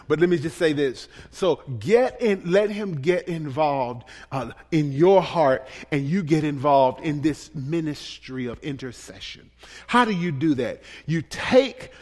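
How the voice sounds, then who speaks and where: A man preaching a sermon as a pastor, pleading and impassioned, dropping to a hush and then rising to shouts. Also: on the high side, animated, a little slow. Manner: impassioned, pleading, swinging between hushed and shouted. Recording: long reverb of a large hall.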